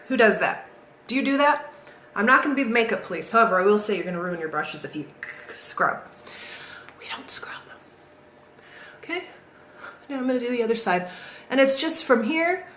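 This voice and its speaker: Bubbly lady doing her makeup live, fairly high voice, roomy echo. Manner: chatty and energetic, talks straight to viewers. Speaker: makeup tutorial host. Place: home, in California.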